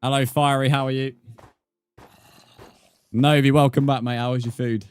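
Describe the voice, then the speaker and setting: A man's voice: medium pitch, flat delivery, normal speed, darkish tone, clean tone, soft background music. A man livestreaming a game, chatting casually with viewers, bantering and swearing at the chat in mock threats.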